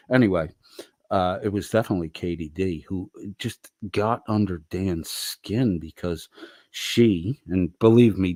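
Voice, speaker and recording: A man's voice: fairly low pitch, no echo, studio quality. A man hosting a livestream, giving sarcastic, profane commentary. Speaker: livestream host.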